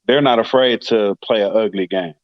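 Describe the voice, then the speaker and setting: A man co-hosting a sports talk show in casual chat, relaxed and hesitant with many fillers. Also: on the low side, normal speed, no room sound, dull audio.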